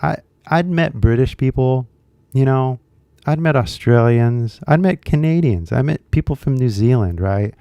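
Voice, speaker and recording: A man's voice: medium pitch, animated, unhurried, dark tone, clean tone, no echo. An American man, an English teacher, talking casually on a live stream and rambling with lots of "you know" and "like" fillers. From United States.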